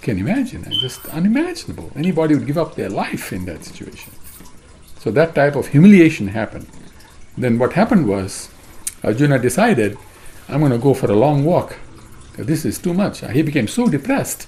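A man teaching a devotional scripture class retells the story in a chatty way, often asking "right?" and "you know what I mean?". His voice is mid-range and a little mellow.

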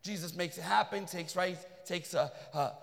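A man preaching a sermon, fervent and repetitive, at times shouting. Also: high-pitched, moderate pace, creaky, in a large hall. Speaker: pastor.

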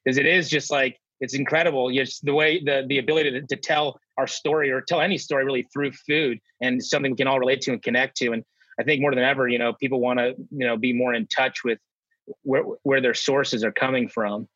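A man's voice: mid-range voice, fairly even intonation, brisk, a bit bright, dry recording. A man hosting a casual podcast chat, easygoing and full of "you know" fillers. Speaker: podcast host. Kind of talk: casual conversation. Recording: dull dry lo-fi sound.

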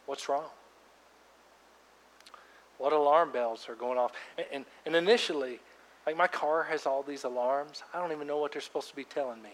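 A man preaching a sermon as pastor, emphatic, swinging between loud outbursts and hushed words. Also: on the high side, moderate pace, long pauses. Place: church sanctuary. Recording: long reverb of a large church hall.

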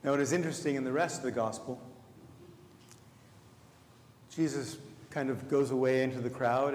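A man delivers a sermon in a slightly raised pitch, unhurried and reflective, leaning on slow pauses for emphasis. His voice carries through a roomy church sanctuary with a long reverb tail and a faint hum of ambience behind it. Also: darkish tone. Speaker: deacon.

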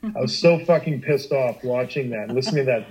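A middle-aged man telling a personal story on a podcast, animated and emphatic, with frequent restarts and swearing. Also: mid-range voice, brisk, rough recording. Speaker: guest storyteller.

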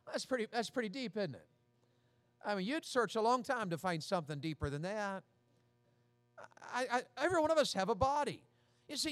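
A middle-aged pastor from Tennessee preaches in a high-pitched, folksy voice. He repeats phrases and fires questions at the congregation. The sound is dry and close, with little room echo. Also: expressive, a little fast. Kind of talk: sermon.

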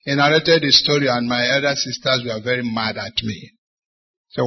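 Bishop in the pulpit, husky voice, dramatic testimony, muffled lo-fi recording. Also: male voice, mid-range voice, steady tone, normal speed. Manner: dramatic storytelling, acts out dialogue. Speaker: bishop preaching. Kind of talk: sermon with personal testimony. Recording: dull lo-fi sermon recording.

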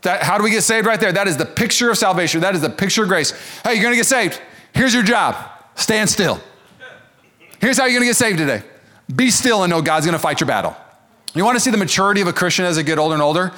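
A man preaching a sermon as pastor, animated and joking, acting out quoted voices. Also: sits high, fast. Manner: animated, jokey, acts out voices of others.

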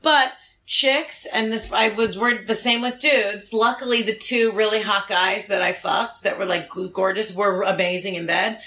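A woman's voice: medium pitch, normal speed, sharp tone. A woman comedian, a podcast guest, talking candidly in a rambling, crude way. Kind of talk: casual podcast chat.

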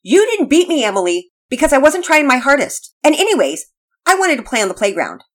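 A woman voicing a proud young schoolgirl who hates losing, speaking in a loud, high, defiant voice. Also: huge pitch swings, slow, heavily acted.

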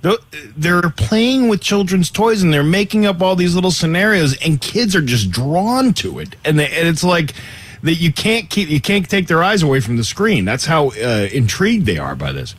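Animated, joking male co-host. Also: on the high side, normal speed, no echo. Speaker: radio co-host. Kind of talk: casual interview.

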